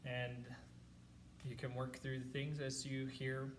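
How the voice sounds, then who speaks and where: A male band teacher talks students through a clarinet part, breaking into chanted counts and rhythm syllables. His voice sits at an ordinary middle pitch. He is picked up from a little way off the mic, with faint room noise behind. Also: monotone, takes it slowly, recorded from a distance, poor audio. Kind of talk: music lesson for students. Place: classroom.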